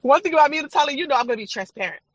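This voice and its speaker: A woman's voice: high-pitched, expressive, rapid-fire, no echo, lo-fi sound. A woman guest on a podcast, a faith and trauma coach, telling her personal story in an earnest, candid, chatty way. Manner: earnest, candid, chatty with frequent fillers and laughs.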